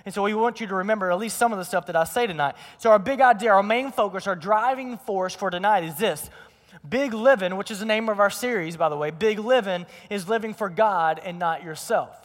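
A young man preaches in a church auditorium, telling stories with energy and acting out quotes. His voice sits high for a man. A long reverb from the large hall trails each phrase. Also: quick pace. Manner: energetic storytelling with acted quotes. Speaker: pastor. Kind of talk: sermon.

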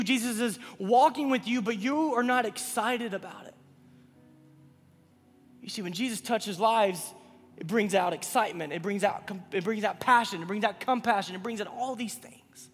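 A man preaching a youth sermon, moving between quiet pleading and loud calls. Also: extremely high pitch, normal speed, long reverb tail, soft background music. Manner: builds from hushed pleading to loud shouting. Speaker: youth pastor.

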